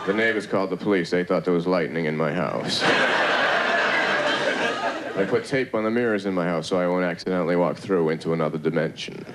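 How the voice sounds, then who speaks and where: A man delivers deadpan stand-up one-liners in a very low voice. The recording is full of loud tape hiss. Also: a little fast. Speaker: stand-up comedian.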